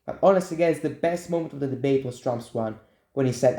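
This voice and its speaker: A man's voice: mid-range voice, fast, warm tone, reverberant. A young man hosting his own show, giving blunt, repetitive political opinions and talking straight to viewers. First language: Italian. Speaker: show host. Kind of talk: casual political commentary.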